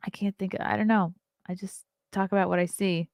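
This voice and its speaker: A woman's voice: medium pitch, steady tone, fairly quick, darkish tone, dry recording, studio quality. A woman in her thirties, a comedian hosting a casual livestream show, who reads viewer comments aloud and chats back. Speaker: podcast host and comedian.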